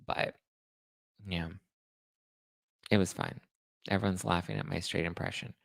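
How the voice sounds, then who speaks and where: A man hosting a pop culture live stream, chatting casually with his viewers and tossing out sarcastic asides. His voice sits fairly low with a gravelly, fry-heavy edge. The sound is dry and close. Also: flat delivery, measured pace, no room sound. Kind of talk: casual live-chat commentary.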